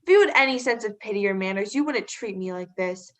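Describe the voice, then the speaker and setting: A woman's voice: mid-range voice, animated, fast talker, fairly bright tone, close to an everyday voice. A teenage girl acting as a hurt, jealous young woman in a school stage play, pleading and bitterly sarcastic. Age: teens. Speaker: student actor.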